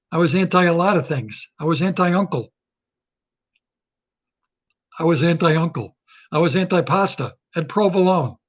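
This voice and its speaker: A man hosting his own comic monologue, rambling and sarcastic, firing off quick jokes. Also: a little high. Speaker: comedian and host.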